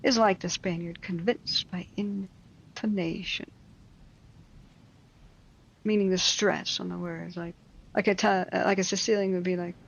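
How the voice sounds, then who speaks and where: A woman reading a classic story aloud, breaking off for wry, mocking asides and quick explanations of old words. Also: on the low side, steady tone, creaky, highs cut off. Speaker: reader.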